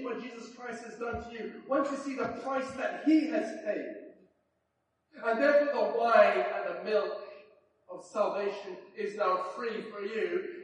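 A man preaching a sermon in a church, dramatic and swinging between loud appeals and hushed lines. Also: extremely high pitch, a little hiss or hum. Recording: very echoey church heard from a distance.

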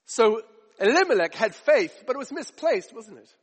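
A man's voice: very high-pitched, big pitch swings, moderate pace, husky, long reverb tail. A man preaching a sermon, emphatic with rhetorical questions and repetition.

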